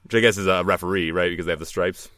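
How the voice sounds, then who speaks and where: A man's voice: low voice, rapid-fire, dry recording, studio quality. A man co-hosting a podcast in casual chat, rambling and laughing as he goes. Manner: rambling, animated, laughs often. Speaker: podcast co-host.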